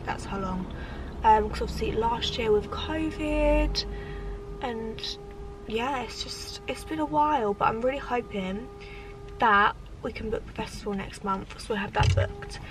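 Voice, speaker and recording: A woman's voice: on the high side, measured pace, background noise. A woman, vlogging casually to the camera, chatty and rambling with lots of fillers, and tired. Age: 20s. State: tired, yawning. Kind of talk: casual vlog chat to camera. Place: outdoors at a shopping area.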